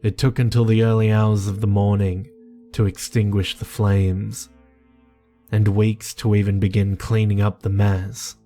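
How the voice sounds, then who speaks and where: Slow, flat-toned horror narrator, a man. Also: lowish voice. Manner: measured, grave storytelling. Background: faint music.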